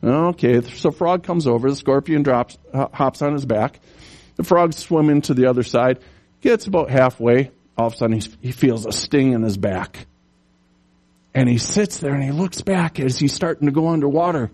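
A man preaching a sermon, animated, telling stories and putting on voices for the characters in them. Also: medium pitch, normal speed. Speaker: pastor.

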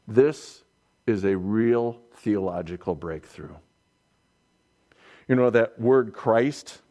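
A man delivers a sermon at an unhurried, deliberate pace. He leans hard on his points and repeats key lines so they land. His pitch sits in an ordinary middle range. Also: darkish tone. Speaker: preacher.

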